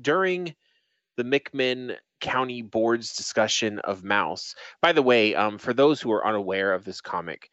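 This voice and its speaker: A man's voice: fairly low pitch, expressive, measured pace, fairly bright tone, no room sound, lo-fi sound. A young man co-hosting a casual podcast, reading a news article aloud and breaking off into swearing asides. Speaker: podcast co-host.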